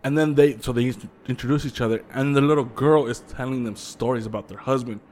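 A man co-hosting a podcast, telling ghost stories in a loose, swearing, animated way and acting out the voices of the people in them. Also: medium pitch, brisk. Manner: profane, animated storyteller who acts out quotes. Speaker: podcast co-host. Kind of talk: casual chat, storytelling.

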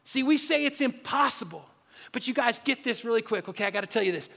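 A man with a strikingly high voice preaches to his congregation. He talks in a lively, conversational manner. His voice rings out in a church sanctuary with a long, lingering reverb. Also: fast, gravelly. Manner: energetic, conversational preaching, drops to a hushed voice near the end. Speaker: pastor. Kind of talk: sermon. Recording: long reverb of a large hall.

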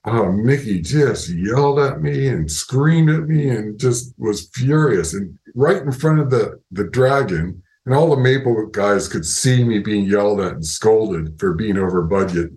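An older man as an interview guest, telling casual work anecdotes with lively retellings and frequent laughter. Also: lowish voice, measured pace, few pauses, low-quality recording. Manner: animated anecdotes, acts out quoted voices, laughs often. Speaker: interview guest, animatronics animator.

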